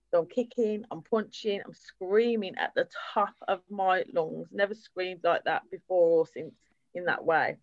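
A survivor recounts her story at a public event in a lowish voice and at a moderate pace, candid and steady, with fillers. The recording is both dry and muffled.

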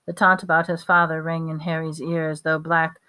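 A woman reading a novel aloud at a steady pace, now and then slipping on a word and re-reading it. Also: low-pitched, brisk, clear, resonant tone. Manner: steady reading with small slips and re-reads. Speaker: reader.

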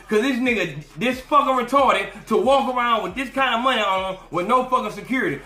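A man hosting a podcast, giving an animated, profane and mocking commentary rant. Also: very high voice, fairly quick, hardly any pauses, reverberant, faint music behind. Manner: animated, profane, mocking, slips into quoted voices. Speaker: podcast host.

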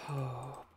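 An exasperated man mutters to himself while hosting a game let's play at home late at night. The gaming commentary is captured on a noisy recording where keyboard clicks can be heard.

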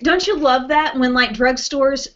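In a high-pitched, slightly slow voice, a woman hosts a casual beauty live stream from home, chatting and reading out viewer comments with plenty of ums and little laughs. The webcast audio is dull and lo-fi.

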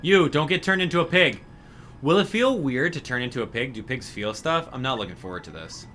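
A man commenting on a video game as he plays, full of sarcastic jokes and asides. His voice is bright and very animated, with big swings in pitch. He sounds casual and amused. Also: a little fast, a little hiss or hum. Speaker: gaming commentator. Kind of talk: let's play commentary.

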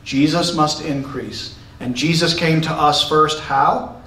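A man giving a church lesson to his congregation, excitable and emphatic, sometimes shouting. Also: on the high side, slow, recorded from a distance. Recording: roomy echo, recorded from afar.

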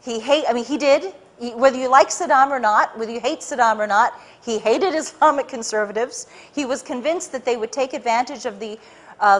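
High-voiced animated woman giving a talk. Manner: animated storyteller, acts out quoted voices, many restarts. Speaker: public speaker. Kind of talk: animated lecture to a live audience.

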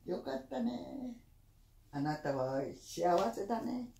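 A woman's voice: medium pitch, very animated, normal speed, mellow. An older woman, a grandmother, talking at home in a doting, praising way. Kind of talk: casual family talk. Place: indoors at home. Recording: roomy room echo.

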